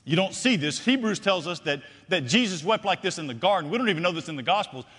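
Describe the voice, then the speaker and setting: A man preaching a sermon, swinging between loud declarations and hushed, drawn-out phrases and repeating his lines for effect. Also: a little high. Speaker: pastor. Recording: long hall reverb.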